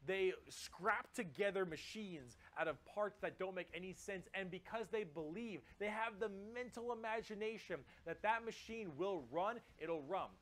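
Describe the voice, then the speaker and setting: A man with a somewhat high voice explains a tabletop wargame in loose, excited chat. He swears freely and repeats words for emphasis, full of energy. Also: unhurried, hardly any pauses.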